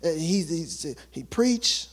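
A man preaching a sermon as pastor, emotional and building to excited shouts. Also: fairly high pitch, takes it slowly, breathy edge.

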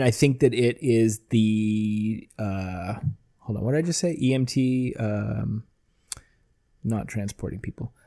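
A man's voice: on the low side, dark tone. A man hosting a casual, profane chat, rambling with many restarts and frequent swearing.

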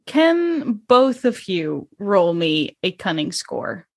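A woman running a tabletop game as game master, narrating in an unhurried, descriptive way with small hesitations. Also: medium pitch, very animated, vocal fry, a little mellow, dry recording.

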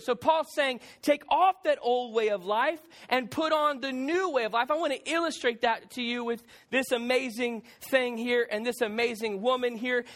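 High-voiced preaching man. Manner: animated preaching with audience asides. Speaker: pastor. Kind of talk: sermon. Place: church stage. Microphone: handheld mic.

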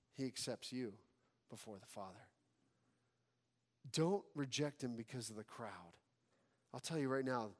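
A man preaching a sermon as pastor, animated, acting out voices from the scripture passage. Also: mid-range voice, in a large hall. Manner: animated preaching, acts out crowd and Pilate lines.

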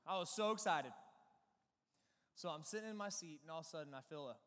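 A young man preaching to a youth group, telling a funny childhood story with animated, excitable energy. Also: on the high side, brisk, long pauses, in a large hall. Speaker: youth pastor. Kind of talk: sermon with a personal story.

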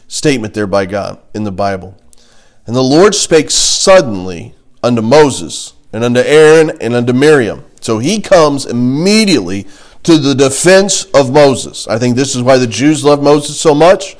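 Man teaching a casual Bible class. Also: mid-range voice. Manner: conversational, reads scripture aloud with asides and jokes.

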